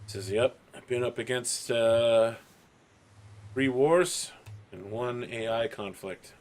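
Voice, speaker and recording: A man's voice: medium pitch, slow, darkish tone, natural voice. A man voicing a veteran male naval gunnery officer who speaks matter-of-factly of his service. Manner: matter-of-fact, proud.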